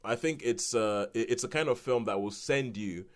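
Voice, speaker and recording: A British man co-hosting a podcast, reviewing films in a rambling, animated way with restarts and laughs. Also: medium pitch, normal speed. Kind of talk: casual film review chat.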